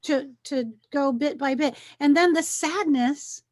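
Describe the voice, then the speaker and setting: A woman coaches in a gentle, encouraging way, often circling back and repeating her phrases. Her voice sits a little high. She talks like a host in a relaxed wellness conversation. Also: unhurried.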